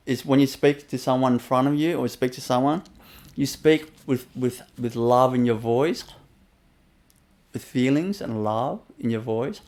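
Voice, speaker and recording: A man as a spiritual teacher, guiding listeners through a meditation practice in a gentle, repetitive way with soft laughs and many fillers, on a webinar. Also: medium pitch, a little slow. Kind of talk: guided spiritual talk.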